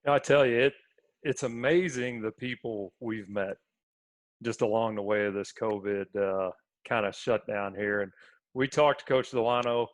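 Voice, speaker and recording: Low-voiced man telling stories, dry sound. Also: normal speed, no room sound. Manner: storytelling, laughs while talking. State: feeling sick. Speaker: podcast co-host. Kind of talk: casual chat.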